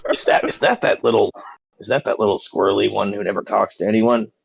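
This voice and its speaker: A man's voice: lowish voice, steady tone, fast talker, gravelly, dull audio, a little hiss or hum. A man voicing a startled young female gnome barkeep who speaks hesitantly in a tabletop game. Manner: hesitant, unsure, trailing off.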